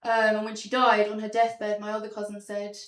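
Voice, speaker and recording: Her mid-range voice is monotone and a little fast as she does wry, self-deprecating stand-up in a small theatre. The young comedian uses slides and says um a lot, and the recording is roomy and far off.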